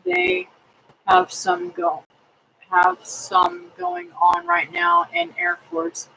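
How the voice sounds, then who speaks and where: Slow, gravelly homey woman. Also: extremely high pitch, completely flat delivery, pushed and bright, slight background noise, rough recording. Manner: slow, homely, prays aloud and reads viewer comments. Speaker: homestead livestream host. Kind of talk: casual livestream chat reading comments.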